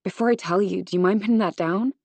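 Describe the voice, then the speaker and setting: A woman's voice: mid-range voice, fast talker, a little mellow, no echo, lightly acted. A woman reading the lines of an anxious young woman in an audiobook, urgent and earnest.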